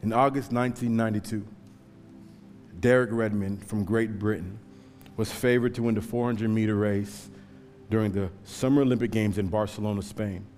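A man preaching a sermon with passion, swinging from hushed, slow storytelling to loud pleading. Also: on the low side, steady tone, big-room sound, soft background music. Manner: impassioned, swings from hushed to shouting. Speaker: pastor.

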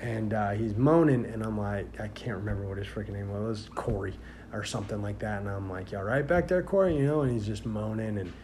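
A man who works as a deputy, telling a story in a casual, rambling way with many fillers and growing loud and animated as he goes. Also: fairly low pitch, fairly quick, slight background noise. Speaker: sheriff's deputy.

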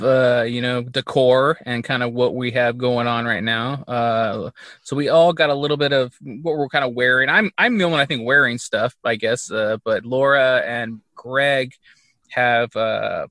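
A man's voice: medium pitch, a little slow, sharp tone, dry recording, studio quality. A man hosting a casual podcast chat, rambling with lots of fillers and easy laughs. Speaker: podcast host.

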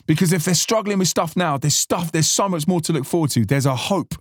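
A man's voice: a little high, brisk, no echo, studio quality, pitched above the performer's own voice, lightly acted. A man putting on an older, fatherly man with a thick Spanish accent who urges earnestly. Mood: urging. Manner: earnest, insistent, clumsy put-on accent.

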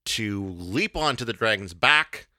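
A man hosting a casual podcast, talking in a halting way with many fillers and restarts. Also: on the low side, lively intonation, pushed and bright, no room sound, clean studio sound. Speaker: podcast host.

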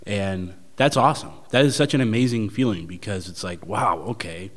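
Eager low-voiced man with reverb. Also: moderate pace. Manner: enthusiastic, eager reactions. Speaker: podcast co-host. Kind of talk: casual discussion.

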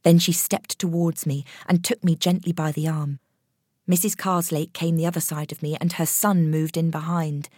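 A woman narrating a horror story in a measured, expressive reading voice. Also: low-pitched, dry recording, studio quality.

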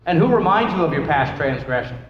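A man's voice: on the high side, expressive, fairly quick. A man, a pastor, teaching a Bible class in a casual, joking way and asking the class questions. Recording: echoey hall, dull lo-fi sound, faint noise.

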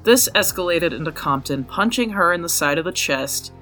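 A man's voice: fairly high pitch, animated, normal speed, pushed and bright, faint music behind. Profane, blunt man narrating true crime. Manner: blunt and profane, openly angry. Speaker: true crime podcast host.

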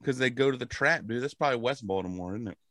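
A man's voice: medium pitch, fast talker. A man in his thirties co-hosting a podcast, swearing a lot and laughing often in casual banter. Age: 30s. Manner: animated, profane, laughing often. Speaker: podcast co-host.

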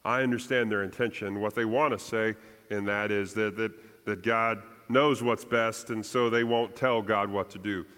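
A man preaching a sermon as pastor, measured and deliberate, his voice rising for emphasis and sinking soft at the ends of lines. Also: fairly low pitch, steady tone, in a large hall.

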